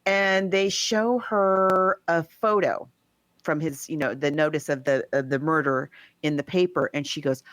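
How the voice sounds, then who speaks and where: A woman with a low voice chats casually on a podcast, retelling a story in a rambling way. She acts out the quotes as she goes. The sound is dry and close-miked. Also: normal speed, dry recording. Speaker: podcast co-host. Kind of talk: casual chat, retelling a film plot.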